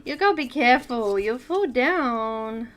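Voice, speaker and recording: A woman's voice: a little high, expressive, measured pace. A woman hosting a live coloring stream, chatting casually, giggling often and greeting viewers by name. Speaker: coloring livestream host.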